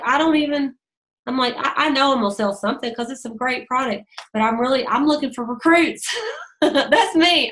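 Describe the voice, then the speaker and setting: A woman's voice: fairly high pitch, a bit bright, poor audio. A middle-aged woman, chatting casually as a sales director and acting out conversations with customers as she tells stories. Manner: chatty storytelling, acts out dialogue, laughs often. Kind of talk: casual advice monologue.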